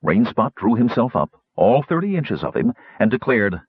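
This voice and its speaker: A man narrating a fantasy story in an expressive reading voice. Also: lowish voice, moderate pace, few pauses, husky, dry recording. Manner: expressive, voicing many characters. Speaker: audiobook narrator. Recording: dull lo-fi audiobook recording.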